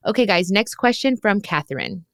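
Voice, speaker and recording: A woman's voice: mid-range voice, very animated, moderate pace, no room sound, studio quality, faint music behind. A woman hosting an advice podcast, talking earnestly and with emotion to listeners. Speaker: podcast host giving advice. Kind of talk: heartfelt advice chat.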